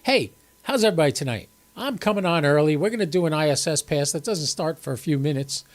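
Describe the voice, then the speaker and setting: A man with a fairly high speaking voice hosts a live stream. He chats casually and jokes at his own expense. His talk is loose and conversational, with many fillers. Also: lively intonation, fast talker. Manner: chatty, joking, self-deprecating. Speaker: host of amateur radio live stream.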